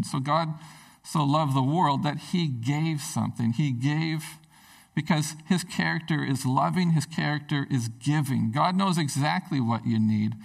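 A man's voice: mid-range voice, gravelly, recorded from a distance, poor audio. A man preaching a sermon as pastor, speaking in an earnest, conversational way with frequent restarts.

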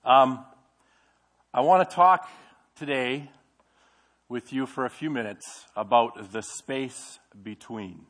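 Middle-aged pastor guy preaching in church, chatty, keeps asking the crowd stuff, mid-pitched voice. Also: expressive, slow pace, long pauses, fairly bright tone. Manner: conversational preaching, asks the congregation questions. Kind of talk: sermon. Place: church sanctuary.

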